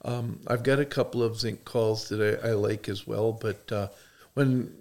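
A man's voice: fairly low pitch, fairly even intonation, measured pace, darkish tone. A middle-aged man from Michigan, a podcast guest, telling folksy rambling stories with lots of fillers. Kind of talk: casual storytelling chat.

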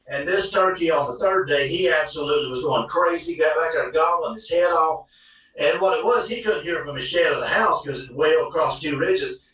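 A man spinning a hunting yarn in a folksy, colloquial way. His voice is fairly high and bright and forceful. The sound is very roomy and heard from a step back off the mic. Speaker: hunting guest telling a story. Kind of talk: casual storytelling. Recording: echoey room, mic at a distance.

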